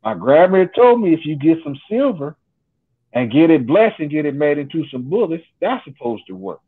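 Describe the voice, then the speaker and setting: A man quoting a calm, laid-back woman who speaks in a patient, matter-of-fact way. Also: fairly high pitch, moderate pace, slightly rough. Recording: phone-like line.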